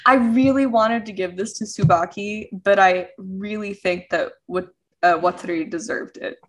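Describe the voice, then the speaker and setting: A woman's voice: medium pitch, moderate pace. A woman in casual conversation over a video call, laughing easily and gushing. She acts out quoted lines with feeling, and her voice sits in a middle range for a woman. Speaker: podcast co-host. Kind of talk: casual chat about an anime.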